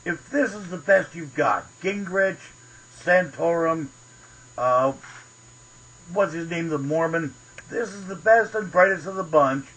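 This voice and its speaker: A man's voice: on the high side, a bit bright, slightly rough, rough recording. A man from Pennsylvania hosting his own show, ranting indignantly in profane, combative political commentary. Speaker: host.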